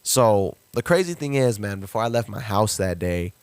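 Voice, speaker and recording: A young man telling a story on a podcast, lively, leaping up in pitch when he acts out quotes. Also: normal speed, smooth, dry recording. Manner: animated, jumps pitch to act out quotes. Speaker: podcast guest, rapper. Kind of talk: casual storytelling.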